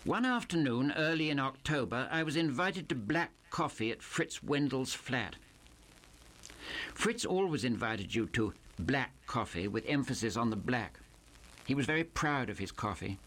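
An older man reading aloud from his own book, speaking in a measured way with hesitant pauses. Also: medium pitch, a bit bright, a little hiss or hum. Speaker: author.

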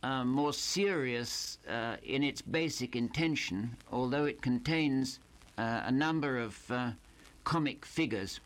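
An older man reading aloud from his own book, speaking in a measured way with hesitant pauses. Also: mid-range voice. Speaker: author.

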